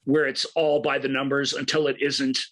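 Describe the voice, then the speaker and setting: A man's voice: medium pitch, flat delivery, moderate pace, fairly bright tone, poor audio. A man co-hosting a film podcast, enthusiastically retelling scenes in a casual, rambling way with frequent restarts.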